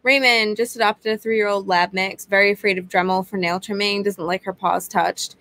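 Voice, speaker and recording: A woman co-hosting a live stream, reading viewer questions aloud in a plain, even way. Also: medium pitch, moderate pace, no room sound.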